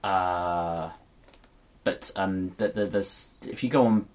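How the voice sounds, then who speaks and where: A man who is a musical comedian, chatting as a podcast guest in a halting way, with many restarts. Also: sits low, a little mellow. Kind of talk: casual podcast chat.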